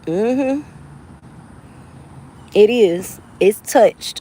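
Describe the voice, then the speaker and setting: A woman's voice: mid-range voice, lively intonation, moderate pace, breathy edge. A woman from the Southern US chatting casually with her viewers, brash and playful, laughing often and swearing freely. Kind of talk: casual livestream chat.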